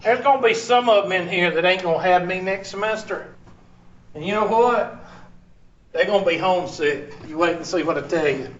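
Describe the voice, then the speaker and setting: A man's voice: high voice, normal speed. A man with a Southern US accent teaching a math class, joking and teasing his students in a folksy way. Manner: teasing, folksy, heavy on "y'all". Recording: echoey classroom, distant, dull lo-fi.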